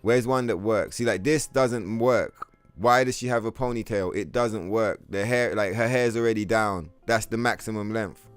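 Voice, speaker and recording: A man streaming a video game, chatting casually with his viewers in a profane, animated rant. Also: fairly low pitch, moderate pace, smooth, no room sound, soft background music. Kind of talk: casual live-stream chat.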